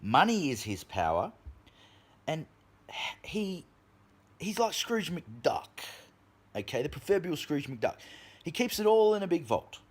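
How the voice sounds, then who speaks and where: Ranting, animated Australian man. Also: a little slow, long pauses, slightly rough. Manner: profane, animated, swings pitch up for emphasis. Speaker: vlogger. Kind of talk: ranting monologue.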